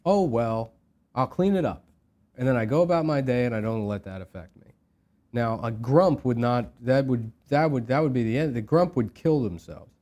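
A man co-hosting a podcast, arguing in a deadpan, bickering way during casual comedic banter. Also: medium pitch, a little fast. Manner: deadpan, argumentative. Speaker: podcast co-host.

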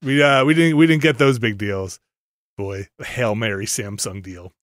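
A man hosting a podcast in animated, joking casual chat. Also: lowish voice, moderate pace, dry recording, studio quality. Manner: animated, joking, rambling with fillers. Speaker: podcast host.

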